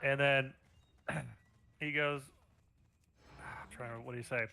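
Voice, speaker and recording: A man's voice: medium pitch, fairly even intonation, takes it slowly, vocal fry, sharp tone. A man in casual stream chat, retelling a joke in a rambling, profane way.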